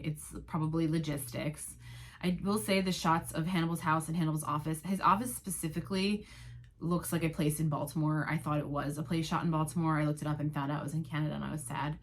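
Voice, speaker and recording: A young woman talks through a TV episode on her own podcast, dry and sarcastic, swearing freely. She slips into quick mocking voices for the characters, and her speaking voice sits on the low side for a woman. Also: a little hiss or hum. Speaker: podcast host. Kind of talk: casual solo recap chat.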